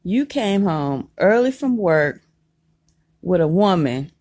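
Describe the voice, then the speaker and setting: A woman telling a personal story in a casual vlog, animated and emphatic, laughing as she goes. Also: on the low side, slow, no echo, clean studio sound.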